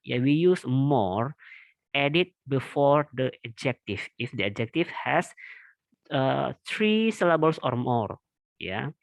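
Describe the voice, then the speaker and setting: A man teaching a recorded lesson in Indonesian-accented English, patient and repetitive, tagging his points with "ya" and restarting his phrases. His voice sits at an ordinary middle pitch for a man. The sound is close and dry, with no room echo. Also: vocal fry. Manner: explains patiently, keeps adding "ya" and restarts.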